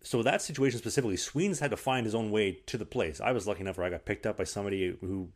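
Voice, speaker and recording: Low-voiced man telling a story on a podcast. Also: rapid-fire. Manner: animated, lots of "like" fillers, acts out quotes. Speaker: podcast host, hockey goalie. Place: one-bedroom apartment.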